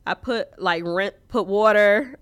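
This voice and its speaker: A woman of ordinary pitch co-hosts a casual podcast chat. She tells stories in an animated, profane, laughing way, with a steady middle-range voice. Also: slow pace, clean tone, dry recording. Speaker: podcast co-host.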